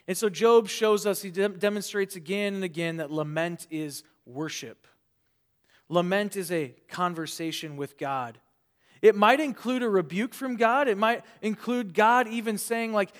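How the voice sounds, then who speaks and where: A man preaching a sermon in an earnest way. He swings between loud emphasis and quiet, trailing phrases, and he repeats words when he restarts. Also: high-pitched, a little slow. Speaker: pastor.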